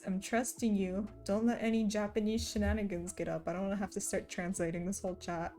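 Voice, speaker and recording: A woman's voice: mid-range voice, mellow. A woman streamer chatting casually and reading chat messages aloud, laughing often. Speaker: streamer reading chat while cross stitching.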